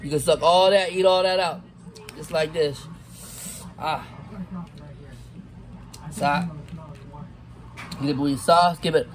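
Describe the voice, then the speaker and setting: Middle-aged male vlogger, high voice, laid-back and savoring, faint outdoor hiss behind. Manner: relaxed, savoring food with drawn-out mms. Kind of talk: casual cooking vlog talk. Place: outdoors at a campsite.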